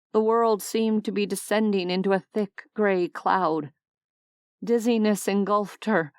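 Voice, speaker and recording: A woman reading a novel aloud as an audiobook narrator, steady and expressive. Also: mid-range voice, clear, resonant tone, no room sound, clean studio sound. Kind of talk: scripted narration.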